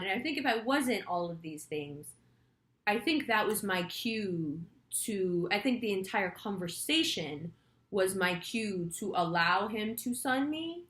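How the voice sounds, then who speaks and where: A woman's voice: mid-range voice, a bit bright, echoey room. A woman astrology reader telling a rambling story in a casual monologue, chatty and swearing freely.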